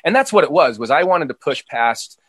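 A man, an impressionist and creator of the show, casually explaining his craft with animated demonstrations. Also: fairly high pitch, a little fast, slightly rough, no echo. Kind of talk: casual interview talk.

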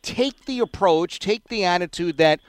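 A man's voice: high voice, animated, normal speed, smooth, dry recording. A man hosting a radio talk show, asking rambling, questioning follow-ups with hesitant restarts.

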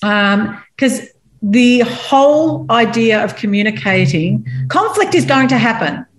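A woman's voice: fairly high pitch, lively intonation, a little slow. Woman giving christian marriage advice, candid, tells her own stories, roomy echo. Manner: earnest, candid storytelling. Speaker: marriage speaker.

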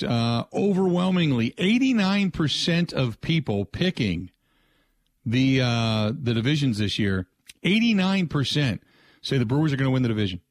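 Rambling sports radio host, dry studio sound. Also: male voice, mid-range voice, dry recording. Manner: rambling, frequent restarts and filler asides. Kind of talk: casual sports talk radio.

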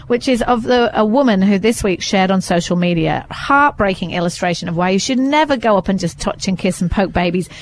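A young adult woman, hosting a podcast in casual, animated chat and laughing easily. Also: mid-range voice, a little hiss or hum. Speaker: podcast host.

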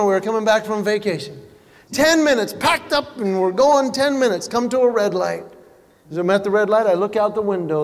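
A male comedian doing stand-up, telling stories in an animated way and acting out voices. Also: high-pitched. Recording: long hall reverb, faint background noise.

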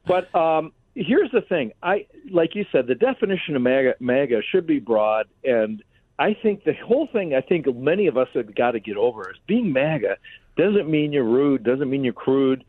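A man's voice: mid-range voice, very animated, moderate pace. A man co-hosting a political talk radio show, rambling and restarting his sentences in casual chat. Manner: rambling, restarts sentences, frequent "you know". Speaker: radio co-host. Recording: tinny phone-like radio line.

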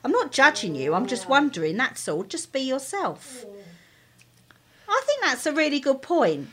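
Higher-voiced woman, lively and reassuring. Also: a little fast. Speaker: podcast co-host. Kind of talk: casual chat and reading letters.

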